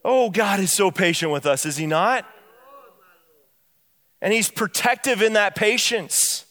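Pastor, male, high voice, emphatic sermon delivery with hushed drops and quick storytelling runs. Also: long reverb tail. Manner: emphatic preaching, dropping soft and low on key phrases; bursts of quick storytelling between slow, stressed lines. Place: church.

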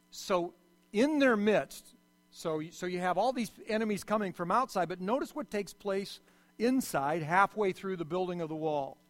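A man, a pastor, preaching a sermon, his loudness swelling and dropping sharply as he speaks. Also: sits high. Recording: long hall reverb.

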